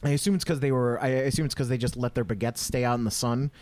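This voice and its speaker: A man co-hosting a casual hobby podcast, making deadpan wisecracks and laughing often. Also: mid-range voice, fast. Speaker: podcast co-host. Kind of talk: casual chat.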